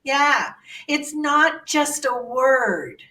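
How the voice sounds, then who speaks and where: A woman's voice: sits high, expressive, very slow, pushed and bright, recorded from a distance, a little hiss or hum. A woman podcast host chatting enthusiastically with her guest. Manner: enthusiastic, agreeing. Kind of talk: casual interview chat.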